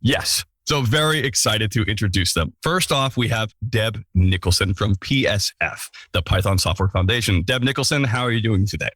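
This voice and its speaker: A man's voice: lowish voice, animated, moderate pace, hardly any pauses, fairly bright tone, slightly rough, dry recording. A man hosting a casual podcast, introducing the episode and guests with playful, self-mocking asides. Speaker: podcast host.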